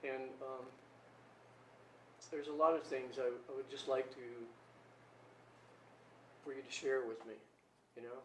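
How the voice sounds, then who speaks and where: A man interviewing a guest in a relaxed, joking, conversational way. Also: mid-range voice, unhurried, pauses often, a little hiss or hum. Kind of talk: casual interview chat. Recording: roomy room, distant mic.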